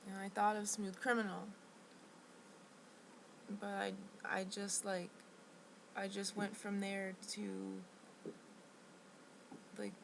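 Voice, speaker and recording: A woman's voice: mid-range voice, flat delivery, creaky, slight background noise, poor audio. A woman rambles through a personal story in a vlog. Her voice sits in an ordinary middle range, and she stops and restarts often. The delivery is indignant and restless throughout. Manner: halting and restless, with many restarts and fillers. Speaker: vlogger.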